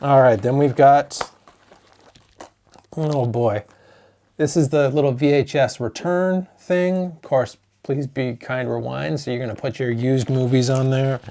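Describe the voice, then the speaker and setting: A man, a board game designer chatting excitedly through an unboxing of his own game, openly emotional. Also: mid-range voice, a little slow. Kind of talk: unboxing vlog.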